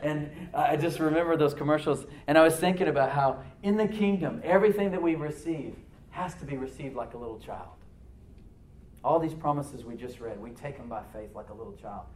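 A man's voice: fairly high pitch, a little fast, slight background noise. Man preaching in an echoey church. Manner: swings from loud emphatic preaching to hushed near-whispers. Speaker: pastor. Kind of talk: sermon. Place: church sanctuary.

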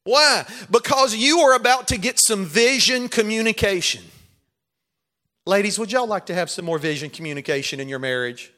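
A man's voice: sits high, expressive, moderate pace, sharp tone. A man preaching a comic sermon at a marriage seminar, calling for amens and leading prayers. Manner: comic, call-and-response preaching.

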